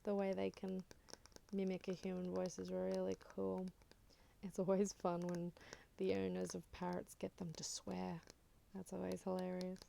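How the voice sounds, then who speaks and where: An Australian woman chatting in a soft-spoken ASMR style, rambling and slipping in and out of a whisper. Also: on the low side, monotone, moderate pace, gravelly, a little hiss or hum. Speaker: ASMR creator.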